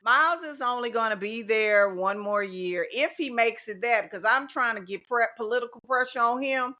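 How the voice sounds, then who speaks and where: A woman's voice: fairly high pitch, moderate pace, pushed and bright. A middle-aged woman, a teacher in a casual podcast conversation, talking emphatically and repeating her key points. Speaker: teacher and guest.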